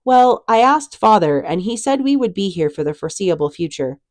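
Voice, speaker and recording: Woman reading a bossy big sister, loud and know-it-all, a dry close voice. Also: medium pitch, very animated, fairly quick, dry recording, pitched above the performer's own voice, natural voice. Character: bossy twelve-year-old girl, sure she is in charge.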